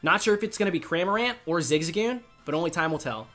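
A man doing excited gaming commentary as a YouTuber, chatty and excitable, cooing at the creatures on screen. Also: on the high side, fast talker, faint music behind.

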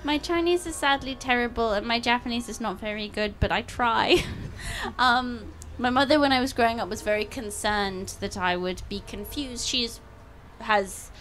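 A woman's voice: fairly high pitch, normal speed, fairly bright tone. Young female author, transatlantic accent, chatty with fillers, light background noise. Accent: mixed British and American. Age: young adult. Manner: chatty, self-deprecating, many fillers. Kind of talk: talk Q&A answers. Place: outdoor bookshop event.

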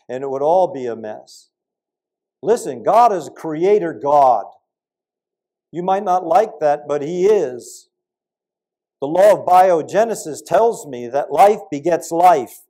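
An older man preaching a sermon, telling stories in an animated way with sudden loud peaks and quiet asides. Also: a little high.

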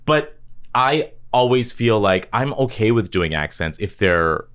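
A man from Canada, a guest actor in a casual podcast conversation, talking in an earnest, animated way and often restarting sentences. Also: on the low side, measured pace, clear, resonant tone.

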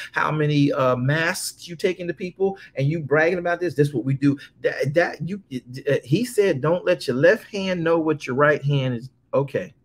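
A man preaching a sermon, reading scripture slowly and calling out to his congregation. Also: fairly high pitch. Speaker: pastor.

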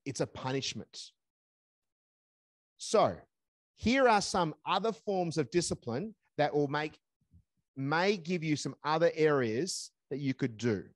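Older man, lively teaching voice. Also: fairly high pitch, slow, long pauses, no room sound, studio quality. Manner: conversational, acts out calm parent dialogue. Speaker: seminar speaker. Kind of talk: parenting seminar talk.

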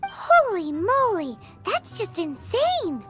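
A tiny, treasure-hungry game companion who chirps and blurts, pitched extremely high. Her lines leap all over the scale, and game music plays clearly beneath her. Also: slow pace, heavily acted. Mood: thrilled. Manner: excitable, bouncy, blurts things out. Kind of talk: game dialogue. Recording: game audio with music behind.

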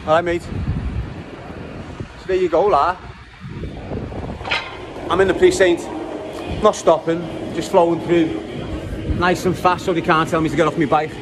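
A man with a strong Liverpool accent and a high voice chats away to his viewers while riding through a city centre, swearing freely. Loud street noise and traffic sit right under his voice. He talks in a loose, running vlog style. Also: little pitch movement, unhurried, long pauses. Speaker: vlogger giving a city tour. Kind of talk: casual walking-tour vlog.

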